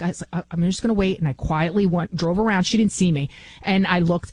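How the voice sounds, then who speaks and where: A woman's voice: on the low side, rough recording. A woman in her forties hosting a talk radio show, telling an indignant, ranting story. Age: 40s.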